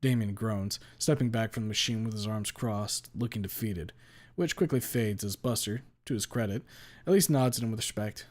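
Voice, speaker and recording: Man, fairly low voice, deadpan, blunt, casual swearing, story reading. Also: normal speed. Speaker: story reader. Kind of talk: first-person story reading.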